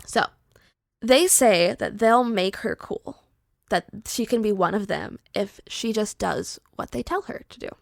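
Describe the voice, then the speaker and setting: A young woman podcast host casually pitching a horror story, chatty and animated with lots of filler words. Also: measured pace, creaky, no echo, studio quality.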